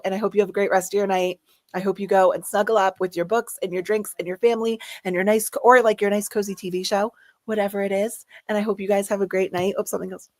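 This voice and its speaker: A bubbly woman in her thirties hosts a livestream from home. She reads out viewer comments and chats back in an eager, friendly voice at a middle pitch. Her sound is close and dry. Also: no room sound. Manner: bubbly, chatty, thanks viewers warmly. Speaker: livestream host. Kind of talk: casual live chat reading comments.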